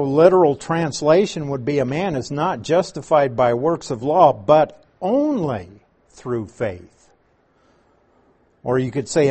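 Slow, husky-voiced male Bible teacher. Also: mid-range voice, a little mellow. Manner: slow, deliberate, stresses key words.

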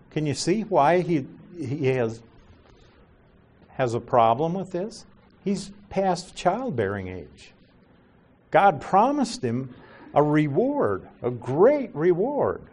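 A male Bible teacher talks slowly through a passage in a lively, rising and falling voice. He explains each point patiently and keeps turning it back to his listeners with questions. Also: mid-range voice.

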